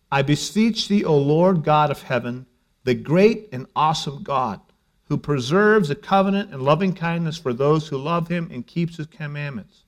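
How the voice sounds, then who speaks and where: Middle-aged pastor guy preaching, chatty then quiet then punchy, kinda high voice. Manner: conversational preaching, shifts between hushed and emphatic. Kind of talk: sermon.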